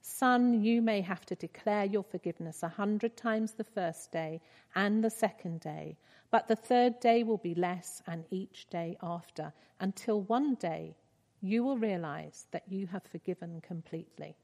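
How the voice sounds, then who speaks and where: A woman reading the lines of a gentle, fatherly God figure in a tender, reassuring way. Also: mid-range voice, measured pace, natural voice. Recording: reverberant hall.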